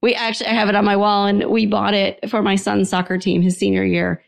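A woman's voice: mid-range voice, little pitch movement, fairly quick, creaky. A middle-aged woman talking casually as a panelist, chatty and enthusiastic as she tells a story. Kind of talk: casual chat.

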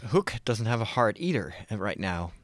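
A man's voice: on the low side, sing-song, moderate pace, a bit bright, no echo. A man in casual chat about a TV show, musing aloud with many restarts. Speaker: podcast co-host.

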